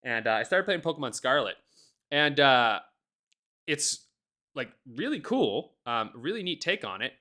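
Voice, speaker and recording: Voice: medium pitch, very animated, measured pace, bright, forceful tone. A podcast co-host in casual chat, ranting animatedly and swearing a lot, often laughing.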